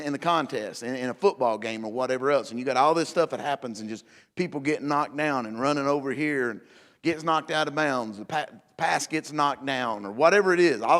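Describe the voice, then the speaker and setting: Folksy preacher in a reverberant church. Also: male voice, fairly high pitch, fairly bright tone. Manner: folksy, conversational, sports analogies, rising to emphatic declarations. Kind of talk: midweek church sermon. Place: church sanctuary.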